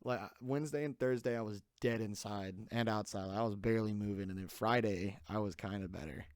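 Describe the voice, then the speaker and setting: Man, podcast host, casual solo chat, rambling, lowish voice, dry sound. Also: fairly quick, smooth, dry recording. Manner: rambling, many fillers and restarts.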